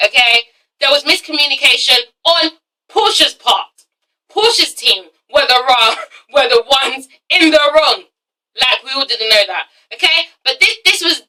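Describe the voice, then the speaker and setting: A woman's voice: high-pitched, sharp tone, far from the mic, poor audio. A young woman hosting a casual TV review vlog, rambling and blunt, with a habit of ending lines with a questioning "okay?". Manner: rambling, keeps tagging sentences with a questioning "okay?". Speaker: TV review vlogger.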